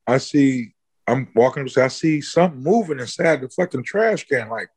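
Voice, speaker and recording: A man talking in a relaxed interview, spinning a long story with lots of swearing. His voice leaps upward whenever he acts out a quote, then settles back to his easy, mid-pitched telling. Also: normal speed, breathy edge. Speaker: interview guest, musician.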